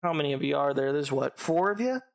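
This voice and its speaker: Large blunt tiefling drummer, talks down to kids, fairly high voice, put on by a game master. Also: male voice, expressive, fast, vocal fry. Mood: bargaining. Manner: blunt, bargaining, talks down to the party. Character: large gruff male tiefling gang drummer.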